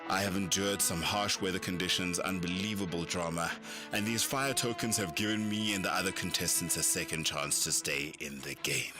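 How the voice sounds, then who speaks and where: Male actor as a bragging contestant for a comic ad; deep, mock-heroic, over clear music. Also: moderate pace, close to an everyday voice. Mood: mock-serious. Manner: mock-dramatic, self-important. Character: boastful adult male reality-show contestant. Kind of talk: comic ad diary monologue.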